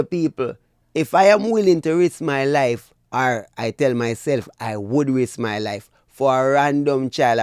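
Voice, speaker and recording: A man's voice: mid-range voice, clear, resonant tone, dry recording, clean studio sound. Jamaican man in preachy vlog commentary. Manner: animated, preachy, addresses viewers as "people". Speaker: dancehall commentary vlogger. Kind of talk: opinionated commentary.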